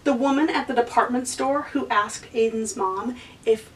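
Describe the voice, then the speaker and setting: A woman's voice: fairly high pitch, normal speed, distant mic, a little hiss or hum, rough recording. A woman hosting a lesson for kids, encouraging and asking the viewer questions. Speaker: children's educator and host.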